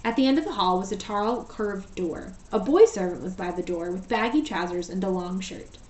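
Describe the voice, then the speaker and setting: A woman teacher reading a storybook aloud in a steady, gentle way. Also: mid-range voice, normal speed. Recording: echoey room, voice far from mic.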